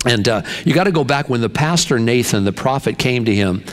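A man's voice: medium pitch, expressive, brisk. Older male pastor, folksy conversational sermon delivery, lots of restarts.

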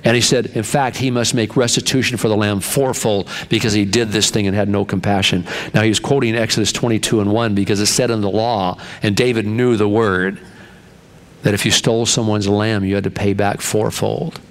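A man's voice: lowish voice, steady tone, brisk. Older male pastor, folksy conversational sermon delivery, lots of restarts.

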